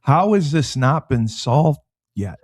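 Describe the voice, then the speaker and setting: A man hosting a talk show, steering the chat and recapping the news in a steady reading tone. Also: medium pitch, takes it slowly, dry recording. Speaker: show host.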